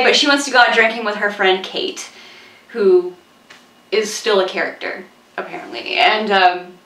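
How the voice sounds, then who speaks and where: A woman co-hosting a film review chat, sarcastic and animated, mocking the characters with quoted voices. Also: medium pitch. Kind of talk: casual chat. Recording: echoey room, voice a bit far from mic.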